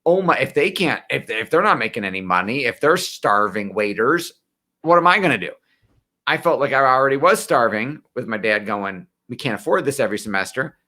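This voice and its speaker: A man's voice: mid-range voice, lively intonation, normal speed, bright, forceful tone. A middle-aged man from western New York, a college financial aid planner, telling his personal story in a direct, conversational way. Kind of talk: personal origin-story talk.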